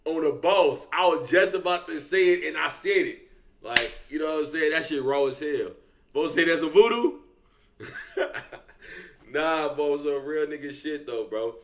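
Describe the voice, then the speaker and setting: A man's voice: a little high, normal speed, fairly bright tone. A young man giving loose, profane reaction commentary and talking straight to his viewers. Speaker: reaction streamer.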